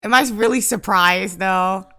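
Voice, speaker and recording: A woman talks through a life-sim game in casual Let's Play commentary. Her voice is bright and forceful, and her speech is slow and drawn out. She gets exasperated and bursts into loud outbursts. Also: medium pitch, a little hiss or hum. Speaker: gaming YouTuber.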